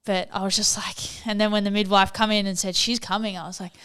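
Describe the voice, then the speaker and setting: Smooth-voiced woman, laughing. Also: medium pitch, flat delivery, fairly quick, fairly bright tone. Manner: laughing, self-mocking. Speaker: guest, new parent. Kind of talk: casual chat.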